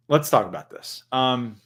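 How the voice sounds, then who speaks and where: A man's voice: mid-range voice, a bit bright, husky. A man hosting a casual livestream chat, rambling and joking with plenty of profanity. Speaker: channel host.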